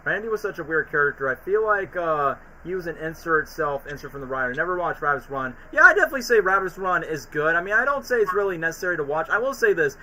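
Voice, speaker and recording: A man chats casually on a stream, rambling through recaps full of fillers. His voice is very bright and slightly high. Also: very animated, quick pace, few pauses, a little hiss or hum, low-quality recording. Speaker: streamer ranking cartoons. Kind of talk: casual chat.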